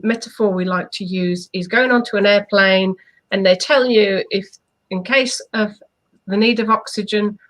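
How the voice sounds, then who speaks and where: A woman's voice: medium pitch, a bit bright, rough recording. A woman co-hosting a live online chat, a hypnotherapist who coaches earnestly and asks rhetorical questions. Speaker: hypnotherapist co-host. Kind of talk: casual live-stream chat.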